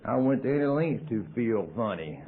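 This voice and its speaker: A man's voice: medium pitch, lively intonation, normal speed. Folksy Southern man, tinny old tape. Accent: Southern American. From American South. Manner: folksy, joking storyteller. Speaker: AA speaker. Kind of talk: recovery talk at a meeting.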